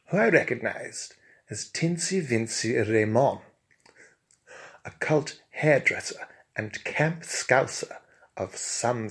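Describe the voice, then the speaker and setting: A man improvising a comic tale in a pompous, plummy, mock-grand manner, chuckling through his lines. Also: medium pitch. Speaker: comic storyteller.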